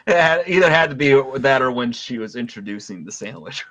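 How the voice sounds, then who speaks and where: A man's voice: mid-range voice, animated, brisk, a bit bright. A man co-hosting a casual movie podcast in an easygoing way. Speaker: podcast co-host.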